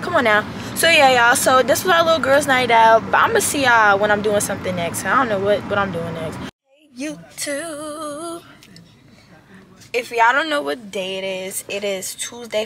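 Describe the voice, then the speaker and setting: A woman's voice: a little high, moderate pace, pushed and bright, poor audio. A young woman in her late teens, chatting casually to her viewers in a loose, slangy vlog style. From Maryland area, US. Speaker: vlogger. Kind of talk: casual vlog chat to camera. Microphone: small handheld camera.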